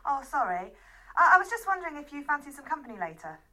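A woman's voice: high-pitched, big pitch swings, fast talker, sharp tone, exaggerated voice. An actress playing a chatty, nosy female friend.

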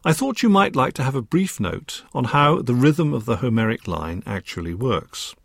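Lively, scholarly male lecturer. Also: medium pitch, gravelly, breathy edge, no echo, clean studio sound. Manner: measured, precise and scholarly, with a lively rising and falling delivery. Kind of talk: recorded academic lecture.

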